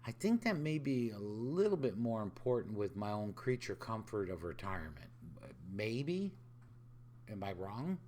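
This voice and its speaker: Slow, lively-pitched man musing aloud. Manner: conversational, quotes others in dialogue, rhetorical questions. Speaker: podcast host. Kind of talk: casual spoken reflection.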